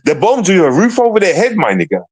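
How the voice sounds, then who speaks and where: A man's voice: high-pitched, huge pitch swings, fast, a little mellow, breathy edge. A man on a casual livestream ranting at online trolls, confrontational and profane, repeating himself often.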